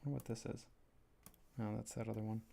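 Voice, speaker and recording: The man's voice is on the low side, fast, creaky, and mellow, with fairly even intonation and slight background noise. He's excitedly touring his own graphic novel on a relaxed livestream, wandering off topic and cutting himself off mid-thought.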